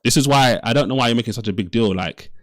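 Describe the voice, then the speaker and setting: A man's voice: medium pitch, fast talker, fairly bright tone, dry recording, clean studio sound. A man hosting a live debate stream, arguing heatedly and often repeating himself as he talks over the other speaker. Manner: interrupts, repeats himself insistently. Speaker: livestream debate host.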